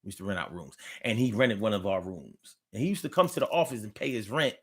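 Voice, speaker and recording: A man's voice: fairly low pitch, expressive, quick pace, a bit bright, breathy edge. A man hosting a live online talk show, telling a story casually and profanely, repeating phrases.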